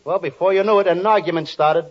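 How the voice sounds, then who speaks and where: A man's voice: high voice, quick pace. A man doing wisecracking 1940s radio comedy banter in a childlike manner. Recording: muffled vintage radio recording with faint hiss.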